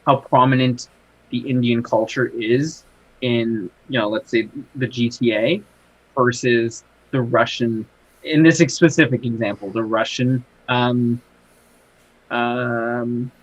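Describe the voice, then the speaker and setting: A man moderating a casual podcast, speaking in a measured, hedging way and circling back as he thinks. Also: mid-range voice, steady tone, dry recording. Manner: measured, hedging, restarts a lot. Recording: dull, dry lo-fi podcast recording.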